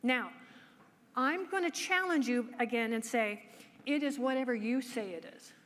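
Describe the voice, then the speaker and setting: A woman's voice: fairly high pitch, moderate pace, fairly bright tone. A woman nurse researcher giving a conference lecture and engaging the audience with rhetorical questions. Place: conference hall. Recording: long hall reverb, faint background noise.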